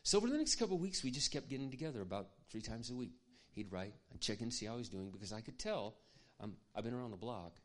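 A man preaching, telling a personal story in an earnest, confiding way that often drops to a hush. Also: mid-range voice, lively intonation, quick pace, few pauses. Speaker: pastor. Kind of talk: sermon storytelling.

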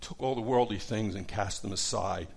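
A man's voice: lowish voice, moderate pace, vocal fry. A middle-aged man teaching a casual Bible study lesson, conversational, with many fillers and restarts.

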